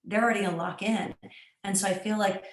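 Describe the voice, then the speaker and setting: A woman's voice: mid-range voice, fairly even intonation, quick pace. Woman, webinar host, earnest, personal, roomy echo. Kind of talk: webinar talk.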